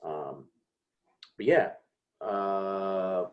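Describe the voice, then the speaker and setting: A young comedian from Chicago chats as a podcast guest in a low, easygoing voice. He tells self-deprecating stories at a relaxed pace, and his audio comes through a dull, lo-fi call. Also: very slow. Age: young adult. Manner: laid-back, self-deprecating anecdotes. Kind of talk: casual chat.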